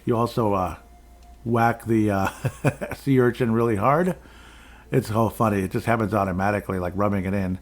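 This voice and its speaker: Low-voiced man chatting through a game. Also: fairly even intonation, normal speed. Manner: rambling, chuckles often, self-deprecating. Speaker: host. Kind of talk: casual game walkthrough commentary.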